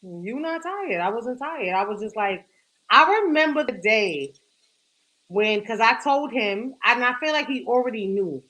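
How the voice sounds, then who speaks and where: In a low-quality recording, a young woman co-hosting a podcast recounts a dating story, candid and profane and leaning hard on "like." Her voice runs on the high side, pushed and bright, with lively intonation and an unhurried pace.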